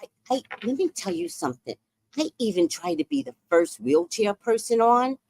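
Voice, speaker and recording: A woman podcast host telling a story in an animated way, acting out the quotes. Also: normal speed, gravelly, slightly rough, no room sound. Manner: lively anecdote with acted-out quotes, swings between high and low pitch.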